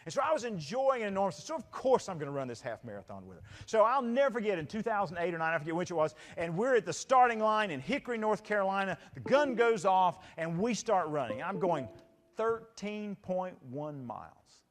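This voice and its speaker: A middle-aged man giving a motivational keynote, telling a story with lively acted-out quotes. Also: high-pitched, brisk. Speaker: keynote speaker. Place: large convention hall. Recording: long hall reverb.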